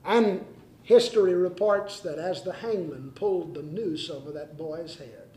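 A male preacher delivering a dramatic sermon, moving between urgent warnings and hushed storytelling. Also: on the high side, normal speed, slight background noise. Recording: roomy echoing hall.

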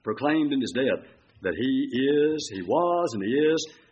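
A male preacher telling a story from the pulpit in a lively style and acting out the quotes. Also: mid-range voice, measured pace. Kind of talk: sermon. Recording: dull lo-fi recording.

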